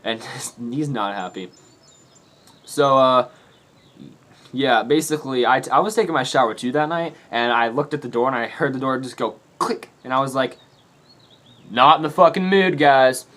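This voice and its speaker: A man's voice: mid-range voice, normal speed, fairly bright tone. A young man telling a story to his camera in a rambling, casual way, laughing and swearing often. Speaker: vlogger. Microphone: camera mic.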